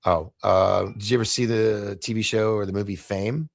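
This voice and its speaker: A middle-aged man, a podcast guest, telling animated anecdotes and acting out the dialogue in shifting voices. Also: on the low side, moderate pace, creaky, no room sound, studio quality. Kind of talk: casual storytelling in a podcast interview.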